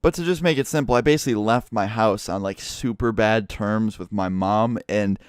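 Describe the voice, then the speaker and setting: A man's voice: on the low side, moderate pace, smooth, no echo. A young man telling a story to his viewers in a casual, rambling way, swearing often and filling gaps with "like". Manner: profane, rambling, heavy use of "like". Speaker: YouTuber.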